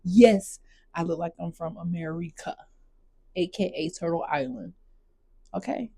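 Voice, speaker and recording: A woman speaks straight to her camera in a casual, emphatic rant that circles back to the same points. Her voice is dark and slightly husky. The sound is dry and close, with no room echo. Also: fairly low pitch, lively intonation, measured pace. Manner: blunt, emphatic, repeats points. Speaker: vlogger.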